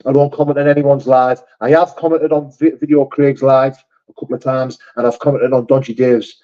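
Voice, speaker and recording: A man's voice: medium pitch, level tone, a little fast, dark tone, lo-fi sound. A man hosting a live chat, reading viewer messages aloud and answering them bluntly, calling people mate and brother. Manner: blunt and matter-of-fact, with frequent swearing and "mate", "brother". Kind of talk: casual live-chat talk.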